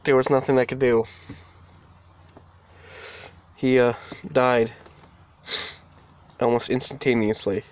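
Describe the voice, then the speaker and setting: A man's voice: medium pitch, flat delivery, moderate pace, dull audio. Man rambling to his cats on a vlog. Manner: rambling, talks to his cats, mild swearing. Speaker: vlogger. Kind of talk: casual vlog update. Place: indoors near a door, partly outside.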